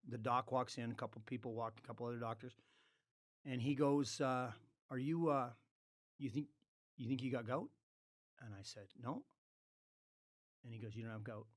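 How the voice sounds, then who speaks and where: A man's voice: fairly low pitch, no room sound. Blunt man telling a story, dry sound. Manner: blunt, acts out quoted dialogue. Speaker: podcast guest. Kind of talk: casual anecdote.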